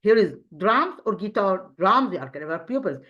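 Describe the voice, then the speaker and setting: A woman teaching an English grammar review lesson, pausing often and repeating herself, asking rhetorical questions as she goes. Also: mid-range voice, big pitch swings, fairly bright tone, highs cut off. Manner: hesitant, frequent fillers and restarts.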